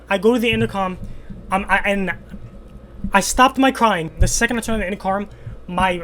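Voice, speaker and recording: A young man casually telling a fan a story from his school days, animated and full of swearing. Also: high voice, a little hiss or hum. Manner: animated, profane, dramatic storytelling. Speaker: YouTuber answering fan questions.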